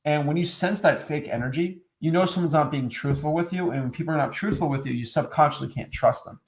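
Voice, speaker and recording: A man's voice: a little high, fast talker. A man co-hosting a real estate training, talking in a loose, casual way with lots of fillers and restarts. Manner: loose and chatty, heavy on "like" and restarts, mimics stiff salesy voices. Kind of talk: casual coaching chat.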